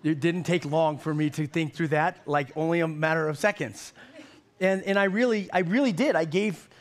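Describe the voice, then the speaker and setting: Folksy pastor with a slightly high voice. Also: male voice, moderate pace. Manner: folksy, repeats words, jokes with congregation. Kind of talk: sermon.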